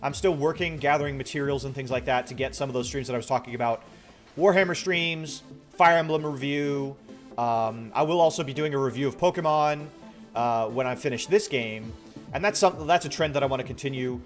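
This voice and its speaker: Speaking fairly quickly in a medium pitch, this streamer rambles through relaxed, casual chat with his viewers. His throat sounds a little strained, and faint music plays behind him.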